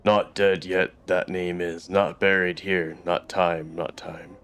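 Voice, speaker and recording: A man voicing an addled male dustman in a computer game, speaking in a slow, repetitive sing-song. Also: deep voice, flat delivery, a bit bright, a little hiss or hum. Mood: eerie sing-song.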